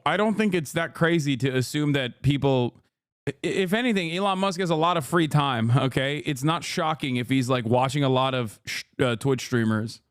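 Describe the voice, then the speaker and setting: A man's voice: medium pitch, clear, resonant tone, dry recording. Male streamer, casual reaction talk, swears a lot, dry close sound. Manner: loose, profane, emphatic.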